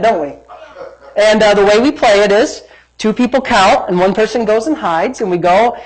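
A man's voice: high voice, poor audio. A man pastor preaching a sermon, emphatic and repetitive, mixing playful family stories into his points.

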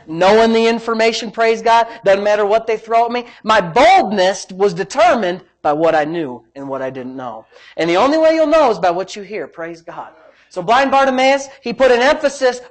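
A male pastor preaching a sermon in an emphatic, repetitive way, often breaking in with praise. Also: high voice. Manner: emphatic, repetitive, frequent "praise God" interjections.

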